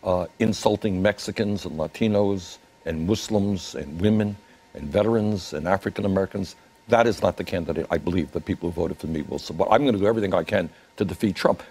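Older male politician in a TV interview, deep husky voice, insistent. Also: fairly quick, darkish tone. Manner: emphatic, insistent.

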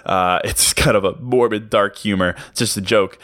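A man's voice: on the low side, a little fast, a bit bright, dry recording, clean studio sound. A young man hosting his own podcast, musing in a casual, self-mocking, rambling way with plenty of fillers. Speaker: podcast host. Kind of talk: casual solo podcast monologue.

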